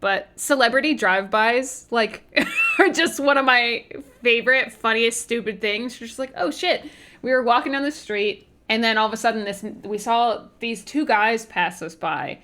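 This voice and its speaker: A woman's voice: on the high side, moderate pace, pushed and bright, a little hiss or hum. A woman co-hosting a podcast in casual chat, laughing often between phrases. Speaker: podcast co-host.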